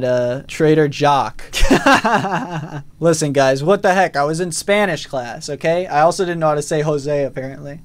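Male streamer, slightly high pitch, casual chatty live commentary, reads poll results and chat.

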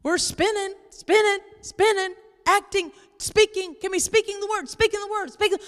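High-voiced woman pastor preaching in a hall. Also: normal speed, hardly any pauses. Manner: animated, playful, acts out exasperated voices. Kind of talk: sermon. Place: church sanctuary.

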